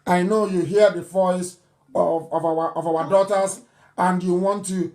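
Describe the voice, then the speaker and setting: A man's voice: sits high, fairly even intonation, moderate pace, darkish tone. A Nigerian man hosting a live broadcast, speaking emphatically and repeating his points insistently. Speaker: broadcast host. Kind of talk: live radio broadcast address.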